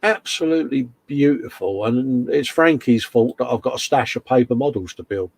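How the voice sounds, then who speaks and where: A man's voice: mid-range voice, moderate pace, vocal fry, slightly rough, no echo. A British man hosting a casual model-building livestream from a home workshop, chatting in a chummy, matey way and reading out viewer comments. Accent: British English. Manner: chummy and matey, calls everyone mate.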